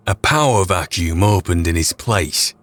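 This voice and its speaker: A man's voice: deep voice, expressive, unhurried, a bit bright, soft background music. A man narrating a recap in a plain, matter-of-fact way.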